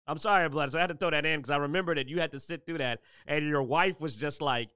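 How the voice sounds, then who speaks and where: A man's voice: fairly high pitch, fast talker, bright, forceful tone, clean tone, no echo, clean studio sound. A man co-hosting a podcast, teasing and making self-deprecating jokes in playful banter. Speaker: podcast co-host. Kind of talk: joking banter.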